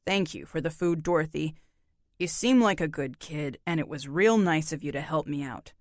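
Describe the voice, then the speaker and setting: A woman doing a gruff, terse drifter man. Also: low voice, normal speed, no room sound, clean studio sound, voice pushed down. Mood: flat, blunt. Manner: blunt, clipped, folksy grammar. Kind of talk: audiobook character voice.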